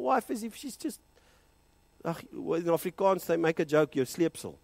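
A South African pastor preaches a fervent sermon, switching between English and Afrikaans, rising to loud, high peaks and dropping into quiet, low passages. His delivery is sing-song with vocal fry at a moderate pace, and there's no echo.

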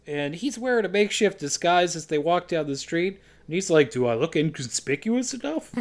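A man with a notably high speaking voice runs through a movie plot in a loose, joking podcast chat. He drops sarcastic asides and reads the characters' lines in quick goofy voices. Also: smooth. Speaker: podcast co-host recapping a film. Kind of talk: casual comedic chat.

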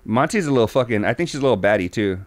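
A man's voice: medium pitch, expressive, very fast, dry recording. Guy cohosting a podcast, swears a lot, rambles, dry close sound. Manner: loose, profane, rambling with many fillers. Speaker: podcast co-host. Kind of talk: casual chat.

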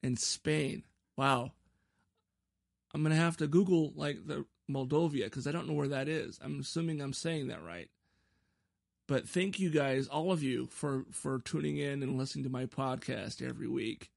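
Gravelly-voiced man hosting a solo podcast. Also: mid-range voice, moderate pace, no room sound, studio quality. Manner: rambling, self-deprecating, stumbles over words. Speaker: podcast host. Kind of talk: casual solo podcast chat.

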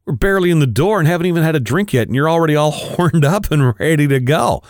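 A man voicing an eager young husband who stammers out quick, startled remarks. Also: fairly high pitch, expressive, dry recording, studio quality, pitched above the performer's own voice. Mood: excited. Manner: flustered, quick exclamations.

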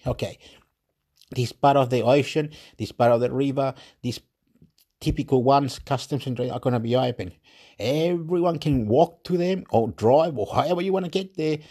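A man's voice: a little high, normal speed, mellow, breathy edge. Agitated man ranting. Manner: agitated, swearing, repetitive. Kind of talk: ranting monologue.

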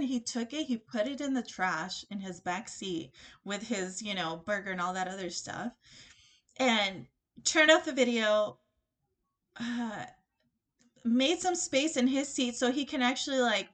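A young woman with a slightly high voice hosts her own podcast, recounting a personal story into a desk microphone. She chats casually and animatedly, piling on fillers and quoted dialogue. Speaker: podcast host.

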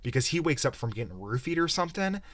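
A man's voice: a little high, very animated, quick pace, a bit bright, no echo. Young male podcast host, swearing rant, exasperated, rambling, dry close mic. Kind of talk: casual game-review rant.

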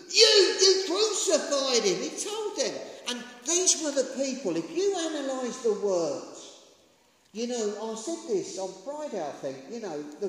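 A woman's voice: a little high, a little mellow. A woman preaching a sermon in an impassioned, conversational way, asking the congregation questions. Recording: echoey hall with long reverb.

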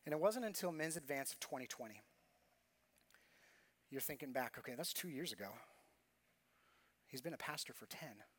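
A man's voice: mid-range voice, expressive, moderate pace, long pauses. A man preaching a sermon as pastor, earnest and confessional, telling a personal story with repeated phrases.

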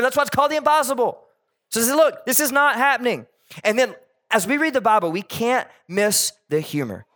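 Animated male pastor with a high voice. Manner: animated, jokey, voices characters in quotes. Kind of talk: sermon.

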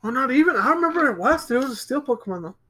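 A man's voice: extremely high pitch, expressive, rapid-fire, pushed and bright. A young man speaks in an ordinary mid-range voice on a casual podcast. He jokes and swears freely, often laughing along. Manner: profane, joking, laughs a lot. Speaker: podcast co-host. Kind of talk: casual chat.

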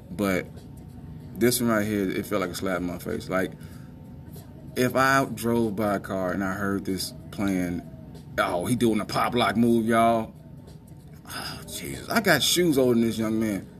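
A man from the Midwest hosting a podcast, doing casual comedic commentary in an animated, exasperated way and talking straight to his listeners. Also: fairly low pitch, moderate pace, slight background noise. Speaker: podcast host.

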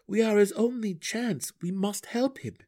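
A man voicing an earnest, fierce young male dark elf warrior in an audiobook reading, with a raised, urgent delivery. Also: high voice, a little slow, pitched above the performer's own voice. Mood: pleading.

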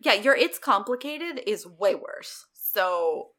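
A woman's voice: mid-range voice, slow. A young woman co-hosting a podcast, casually recapping an episode with sarcastic asides and acted-out quotes. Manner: animated, sarcastic, acts out quotes. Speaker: podcast co-host.

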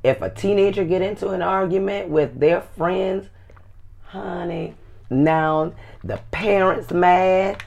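A woman's voice: on the low side, creaky, a little mellow. A middle-aged woman co-hosting a casual advice show, folksy and calling people "honey". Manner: folksy, says "honey" often, slow and drawn out. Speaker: co-host.

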